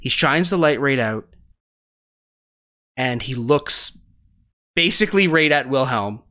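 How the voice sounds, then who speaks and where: A man running a tabletop game as game master, describing scenes in a measured way with frequent fillers. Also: mid-range voice, expressive, bright, forceful tone.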